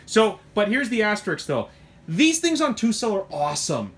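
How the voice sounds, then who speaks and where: A middle-aged man with a slightly higher voice talks shop in a loose, animated way. He rambles, doubles back and throws in mild cursing as he walks through a truck he sells. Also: normal speed. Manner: animated, rambling, swears mildly, lots of asides. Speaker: hobby shop owner reviewing a truck. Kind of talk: casual product talk.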